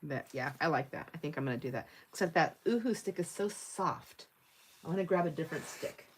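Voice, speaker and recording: A woman's voice: sits low, lively intonation, fairly quick, husky. A middle-aged woman hosting a casual livestream, chatting and laughing often as she tells a story and reads viewer comments while working at a craft table. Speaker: livestream host.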